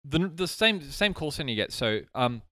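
A man's voice: fairly high pitch, big pitch swings, normal speed, bright, forceful tone, no echo. A man, co-hosting a gaming podcast in casual chat, rambling through a story and laughing easily. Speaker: podcast co-host. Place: studio. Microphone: podcast mic.

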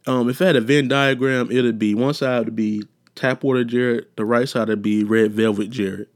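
A man's voice: medium pitch, steady tone, moderate pace. A young man hosting a solo podcast, rambling and joking, profane and casual, wandering off topic. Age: young adult. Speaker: podcast host.

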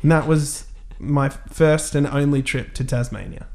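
A man's voice: a little high, steady tone, measured pace, a little mellow. A man, casually telling a funny story and laughing along. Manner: laid-back, laughing anecdote-teller. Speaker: guest.

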